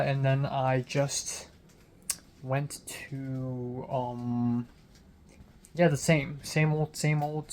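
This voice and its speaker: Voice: mid-range voice, a little mellow. A vlogger talking through their day in a casual late-night video diary, rambling with lots of fillers and restarts, swearing casually and sounding a little lispy from a sore tongue.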